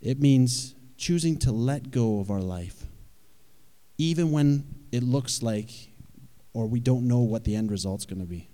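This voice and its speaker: A man's voice: medium pitch, animated, measured pace, warm tone. Man preaching in a reverberant hall. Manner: conversational, asks the audience questions. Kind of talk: sermon.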